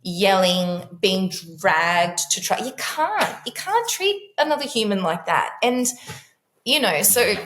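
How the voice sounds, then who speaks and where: A middle-aged woman tells her story as a podcast guest in an easy, candid way. She turns animated when she acts out quotes in playful voices. Her pitch sits at a middle level, and the room gives her voice a noticeable echo. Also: slow. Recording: echoey room.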